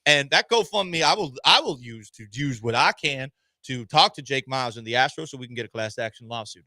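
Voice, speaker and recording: A man hosting a sports talk radio show, animated and joking in a rapid-fire way. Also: mid-range voice, no echo. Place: radio studio.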